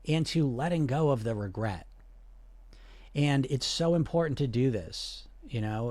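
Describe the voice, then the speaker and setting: A man's voice: mid-range voice, darkish tone, no echo. Guy doing a coaching talk, keeps asking right? okay?, mid voice, dry close mic. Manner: earnest and persuasive, often checking in with "okay?" and "right?". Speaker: weight loss hypnosis coach. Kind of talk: direct-to-camera coaching talk.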